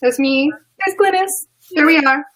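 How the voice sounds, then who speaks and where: A woman's voice: high voice, normal speed, fairly bright tone, poor audio. A woman in her thirties hosting a casual live video chat from home, chatty and laughing often, heard over a webcam call. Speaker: host. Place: home, sheet hung behind her.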